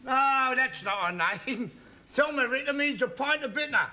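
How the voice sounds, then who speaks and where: A cheeky Cockney caretaker, blunt and full of rhyming slang, with a high, bright voice. Studio audience laughter comes in behind this 1970s sitcom. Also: male voice, expressive, moderate pace, exaggerated voice.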